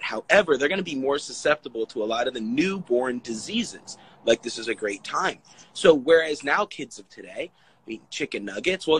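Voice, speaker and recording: A man's voice: mid-range voice, slightly rough, poor audio. A man, a fitness coach, talking casually in an interview, rambling and acting out what other people said. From Italian heritage. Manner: rambling, animated storytelling with acted-out quotes. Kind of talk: conversational interview.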